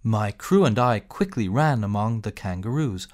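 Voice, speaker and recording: A man reading a textbook story in clear, measured narration, as a space captain telling his own adventure. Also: lowish voice, animated, darkish tone. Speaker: textbook audio reader.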